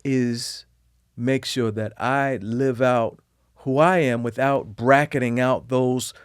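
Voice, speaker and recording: A man talks as a guest on a podcast, spinning personal stories with lively swings between quiet asides and loud emphasis. His voice sits at an ordinary middle pitch. The sound is close and dry, with no room echo. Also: takes it slowly, clear, resonant tone. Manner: animated storyteller, lively swings in pitch and volume. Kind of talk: candid conversational interview.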